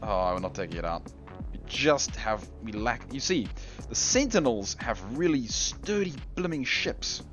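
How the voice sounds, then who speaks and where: A man's voice: mid-range voice, very animated, a little slow, fairly bright tone. A man commenting casually on his gameplay, rambling and chuckling at himself. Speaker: gameplay video host. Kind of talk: casual let's-play commentary. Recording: dull lo-fi audio with faint game music.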